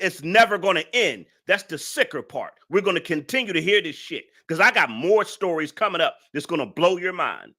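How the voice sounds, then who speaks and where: A man's voice: sits high, pushed and bright. A man hosting a reaction commentary, ranting angrily and repeating himself with heavy profanity. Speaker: commentary channel host.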